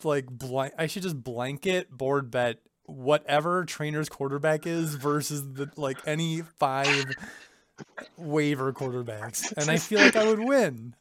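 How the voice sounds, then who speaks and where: A man's voice: on the high side, measured pace, a bit bright. Guy hosting a podcast, laughs a lot, swears casually, faint clicks and hiss behind him. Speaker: podcast host. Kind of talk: casual chat.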